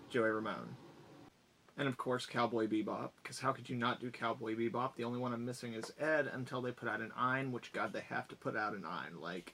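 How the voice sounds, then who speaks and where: A man's voice: medium pitch, vocal fry, fairly bright tone, slight background noise. A man in a casual vlog, enthusiastically rambling as he rattles off items from his collection one after another.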